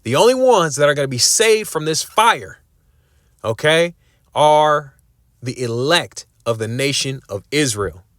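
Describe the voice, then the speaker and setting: Male preacher, emphatic sermon delivery, fairly high voice, dry sound. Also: expressive, unhurried, fairly bright tone, no room sound. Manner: emphatic, with frequent tag questions.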